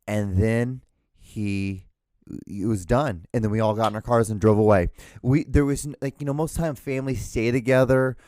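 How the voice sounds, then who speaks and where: A man's voice: medium pitch, moderate pace, a little mellow, no room sound. A man hosting a solo podcast, rambling casually with lots of swearing, restarts and self-mocking laughs. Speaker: podcast host.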